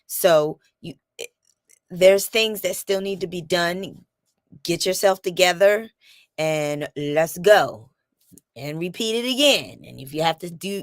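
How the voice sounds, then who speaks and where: Low-voiced woman telling a lively story. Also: takes it slowly, dry recording, clean studio sound. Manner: animated storytelling, acts out quotes and repeats phrases. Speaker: vlogger. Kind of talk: casual chat to camera.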